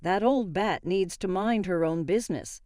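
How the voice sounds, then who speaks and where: A woman's voice: medium pitch, moderate pace, darkish tone, no echo, clean studio sound, natural voice. A woman voicing a rude, entitled young girlfriend with a snippy, contemptuous manner.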